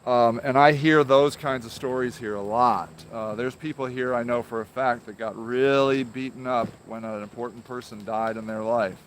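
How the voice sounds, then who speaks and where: A man hosting a casual talk to camera in a garden, speaking gently and haltingly with many ums. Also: mid-range voice, fairly even intonation, slight background noise. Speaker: host. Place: outdoor garden.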